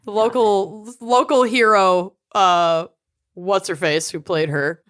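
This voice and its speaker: A woman's voice: mid-range voice, fairly even intonation, takes it slowly, fairly bright tone, no echo, studio quality. A young woman co-hosting a podcast, casually telling a true crime story and often breaking into giggles. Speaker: podcast co-host.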